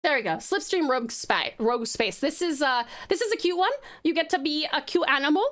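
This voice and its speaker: A woman's voice: high-pitched, expressive, fairly quick, fairly bright tone. A woman from Tasmania hosting a casual live stream, chatty and affectionate with her viewers. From Tasmania, Australia.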